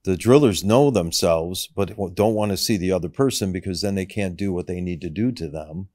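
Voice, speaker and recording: A man on a podcast as a guest, laying out his ideas in a calm, measured way. His voice sits low. The sound is dry, with no room echo. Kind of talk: conversational interview.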